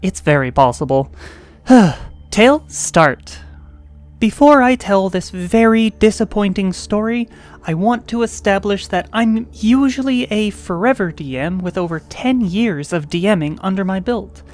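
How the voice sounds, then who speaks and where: Expressive woman reading role-playing stories. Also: medium pitch, measured pace. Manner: expressive, with playful asides and sighs. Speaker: host and narrator.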